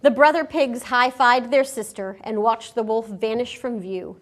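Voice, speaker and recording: A woman reading a picture book aloud to children at a school, expressive and animated. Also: fairly high pitch, a little slow. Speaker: storyteller.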